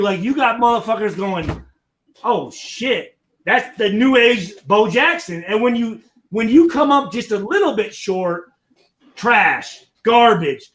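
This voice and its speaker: A man in casual sports chat, telling stories in a loud, profane, animated way. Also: high-pitched. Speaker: guest, former player.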